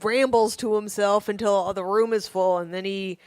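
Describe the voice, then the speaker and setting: A woman's voice: medium pitch, steady tone, a little mellow, no echo. Wry, teasing woman comedian. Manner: wry, teasing, quick comebacks. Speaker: podcast co-host and comedian. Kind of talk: casual comedy podcast chat.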